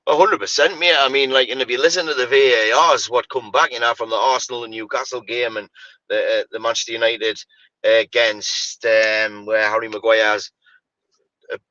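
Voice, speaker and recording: A man's voice: mid-range voice, sharp tone, no room sound, lo-fi sound. A man, ranting animatedly about football on a casual podcast, full of "mate" and "you know, like". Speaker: podcast co-host.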